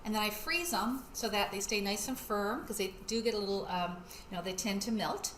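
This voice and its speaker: A woman's voice: medium pitch, a little fast, a bit bright, echoey room, a little hiss or hum. A middle-aged woman hosting a casual cooking demo at home, chatty and laughing often as she talks to her husband behind the camera. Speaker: wellness channel host. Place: home kitchen.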